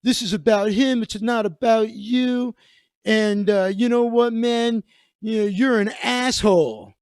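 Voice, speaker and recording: Man imitating a condescending drunk partygoer, higher voice, patronizing drawl, dry close sound. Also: fairly even intonation, unhurried, clear, resonant tone, no room sound. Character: pushy drunk male party guest, condescending.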